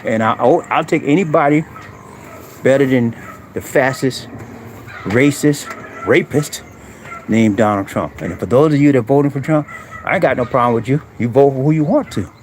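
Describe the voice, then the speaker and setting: A man's voice: mid-range voice, moderate pace, pauses often, a little hiss or hum. A middle-aged man, chatting bluntly on a live stream from outdoors in a rural area, calling out to viewers with slang. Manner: preachy, blunt, talks straight to viewers with slang. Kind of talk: casual live-stream chat.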